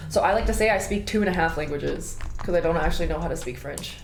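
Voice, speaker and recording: A young woman chats casually on a stream, her voice leaping up high whenever a story gets animated, with cheerful swearing. Her voice sits at a mid pitch and rings in a roomy space. Faint music plays under her. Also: fast talker. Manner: animated storytelling with big jumps in pitch, frequent swearing and laughter. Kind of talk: casual chat.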